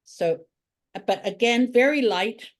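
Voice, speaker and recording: A woman's voice: fairly high pitch, expressive, slow. A woman art teacher giving a drawing tutorial, talking chattily and thinking aloud as she draws.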